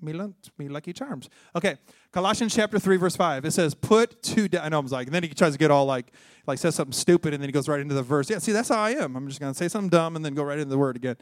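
A man, a pastor preaching a sermon with call-and-response, moving between loud exhortation and hushed tones. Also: a little high, expressive, very fast, hardly any pauses, no echo, studio quality. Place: church.

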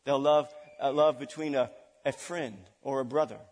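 A man preaching a sermon, dramatic, swinging between loud declarations and hushed asides. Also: mid-range voice, fairly even intonation, moderate pace. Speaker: pastor. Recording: long reverb of a large hall.

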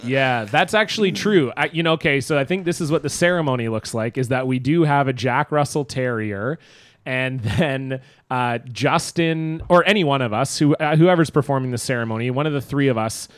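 A man's voice: medium pitch, normal speed, dry recording, studio quality. A Canadian man co-hosting a podcast in casual, laughing chat. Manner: chatty, laughs often. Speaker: podcast co-host.

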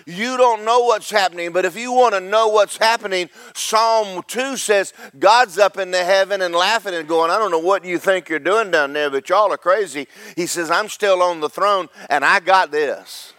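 A man preaching a sermon as pastor, swinging from slow loud emphasis to quick quiet asides. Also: high voice, no echo.

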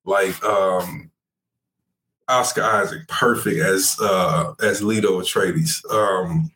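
A man's voice: deep voice, slow, sharp tone. A man chatting casually about movies as a podcast co-host, enthusiastic and rambling, with lots of fillers. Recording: echoey room with faint noise.

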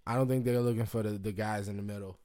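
A man from Indiana chatting casually to camera, rambling and swearing, with excited whoops and jumps into a high voice. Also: fast. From Indiana, United States. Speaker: vlogger. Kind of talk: casual chat.

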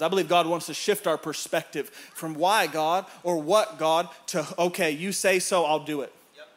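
A man with a high-pitched voice preaches a lively sermon. He tells a playful family story and laughs at it. Then he climbs into loud, shouted calls to his listeners. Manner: storytelling, rising to shouted emphasis; laughs through his own anecdotes.

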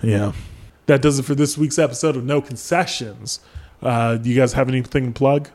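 A man's voice: medium pitch, moderate pace, a little mellow. A young man hosting a podcast, talking casually and profanely with lots of fillers. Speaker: podcast host. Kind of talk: casual chat.

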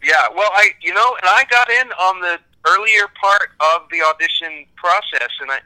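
An American man from Kansas, an actor, chatting casually in an interview in a rambling, animated, self-deprecating way. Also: high voice, normal speed, poor audio. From Kansas, United States. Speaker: actor guest.

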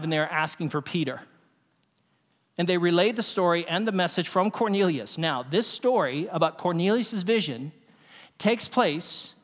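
A male pastor preaching a sermon, telling the story in an animated way with quick asides. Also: sits high. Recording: long hall reverb.

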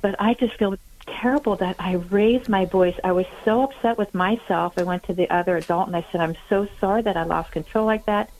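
A woman's voice: medium pitch, brisk, few pauses, darkish tone, a little hiss or hum, low-quality recording. A woman calling in to a radio show, telling her story at length in an earnest, self-critical way. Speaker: caller.

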